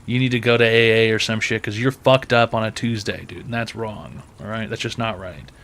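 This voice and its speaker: A man's voice: fairly low pitch, steady tone, a little fast, a bit bright. A man hosting a call-in advice show, blunt, mocking and profane in crude comedic banter.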